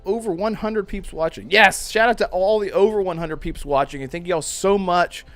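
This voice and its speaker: A man hosting a casual gaming podcast livestream, excitedly reading out super chats with exaggerated praise. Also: sits high, moderate pace, no echo, soft background music. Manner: excitable, exaggerated super chat thank-yous. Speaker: podcast host.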